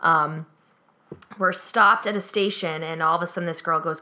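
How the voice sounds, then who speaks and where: A young adult woman with a low voice speaks at a moderate pace while co-hosting a podcast. In a casual chat, she tells a story with lots of energy, acting out the people she quotes.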